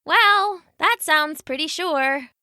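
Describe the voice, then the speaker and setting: A woman's voice: high voice, slow, bright, forceful tone, no echo, studio quality, voice pushed up, heavily acted. A woman voicing a tiny, timid leaping louse who asks hesitantly for shelter. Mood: timid pleading. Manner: hesitant, pleading.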